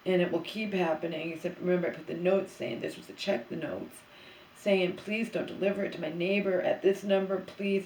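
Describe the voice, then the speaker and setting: A woman's voice: on the low side, darkish tone, echoey room, low-quality recording. A woman vlogging from her bedroom floor, ranting in casual, rambling talk and repeatedly checking in with "okay?". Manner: ranting, frequent "okay?" asides.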